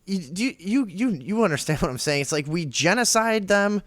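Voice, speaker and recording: A man's voice: sits high, animated, moderate pace, no room sound. Profane ranting man, dry sound. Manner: heated, profane, rambling with restarts. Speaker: podcast co-host. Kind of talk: casual profane talk show rant.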